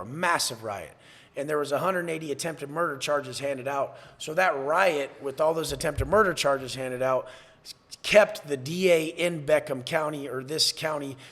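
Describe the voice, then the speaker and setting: A man from San Diego, USA, whose voice sits on the high side with a fairly bright tone, shares his life story bluntly on a podcast. He curses freely and performs other people's voices in this candid storytelling interview.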